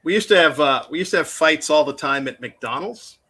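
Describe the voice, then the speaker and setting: A man's voice: a little high, lively intonation, fairly quick, sharp tone, husky. A man co-hosting a casual chat, chatty and laughing along. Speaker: co-host.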